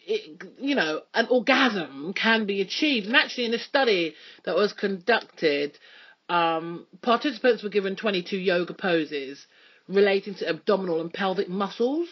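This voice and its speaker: Woman radio host, chatty and teasing, husky voice, dull lo-fi studio sound. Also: mid-range voice, animated, moderate pace. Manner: chatty, joking, many fillers. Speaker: radio presenter. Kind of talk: casual radio chat.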